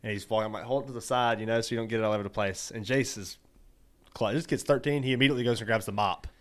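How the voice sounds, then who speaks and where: A man co-hosting a casual podcast, telling stories animatedly, swearing freely and acting out other people in loud bursts. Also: on the low side, fairly even intonation, very fast. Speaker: podcast co-host. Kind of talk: casual storytelling chat.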